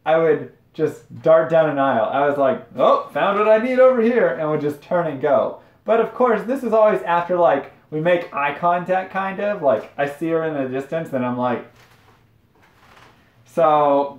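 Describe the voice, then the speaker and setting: A young man casually chatting while cooking on a livestream, telling rambling, self-deprecating stories. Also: fairly high pitch. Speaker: streamer. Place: home kitchen. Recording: roomy, dull lo-fi stream audio.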